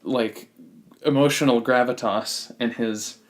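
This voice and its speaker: A man's voice: medium pitch, steady tone, measured pace. A man hosting a casual movie review podcast, giving blunt opinions and often restarting his sentences. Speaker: podcast host.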